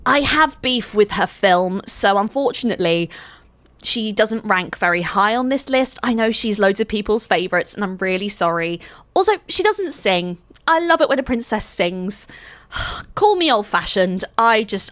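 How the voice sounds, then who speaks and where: A chatty young woman talking straight to her viewers, gushing about favourites and apologising in quick asides. Her voice sits at an ordinary middle pitch, and the close recording is dry, with no room sound at all. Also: lively intonation, fairly bright tone, dry recording. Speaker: vlogger and party princess performer. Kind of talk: casual chat to camera.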